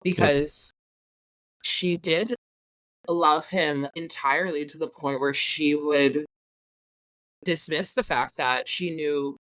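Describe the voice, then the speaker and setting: Animated woman on a dry podcast mic. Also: low-pitched, takes it slowly, pauses often, no echo. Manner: animated, laughs often, acts out her own reactions. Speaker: returning podcast guest. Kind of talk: casual film discussion.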